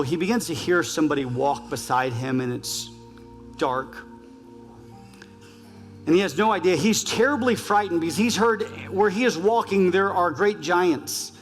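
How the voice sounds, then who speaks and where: A man preaching a sermon as pastor, earnest and building with repeated phrases. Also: fairly high pitch. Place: church sanctuary. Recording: reverberant church hall, faint music.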